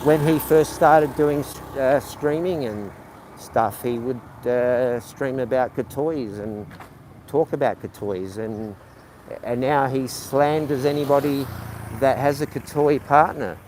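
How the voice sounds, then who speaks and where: Taking it slowly in a medium-pitched, darkish voice, a stuttering man hosts a walking livestream outdoors in the city. He rambles with plenty of ums and hits back at his chat sarcastically while faint street noise carries in the background.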